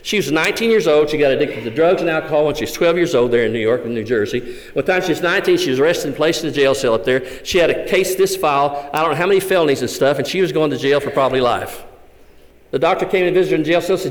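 A man, a visiting Gideon speaker giving a fervent testimony sermon in a church. He tells the story with big swings between loud and hushed. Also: on the high side, quick pace. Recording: echoey hall.

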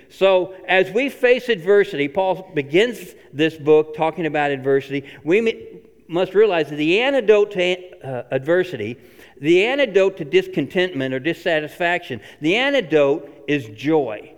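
A pastor preaching a sermon in a church, earnest and emphatic, repeating phrases for stress. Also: male voice, a little high, animated, normal speed. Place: church sanctuary. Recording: long reverb of a church hall.

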